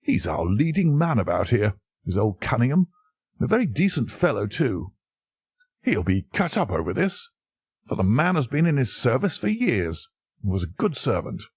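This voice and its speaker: A man's voice: medium pitch, sing-song, normal speed, darkish tone, husky, dry recording, clean studio sound, voice pushed up. A man voicing a hearty, easygoing older country colonel.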